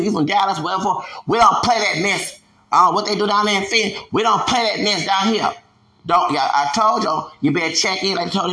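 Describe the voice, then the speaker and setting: A man in his forties with a drawl rants on his podcast, emphatic and repetitive, hammering every point home. His voice sits high for a man and rings very bright and sharp. The sound bounces around an echoey room. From Houston, Texas. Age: 40s. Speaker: podcast host. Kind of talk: ranting podcast monologue.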